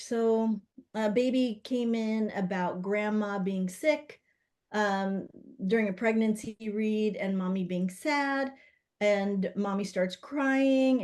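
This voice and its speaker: A middle-aged woman, a doula, telling stories in a casual interview, animated and full of fillers as she acts out what others said. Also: mid-range voice. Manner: animated, acts out quoted voices with many fillers. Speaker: guest, doula and spirit baby psychic.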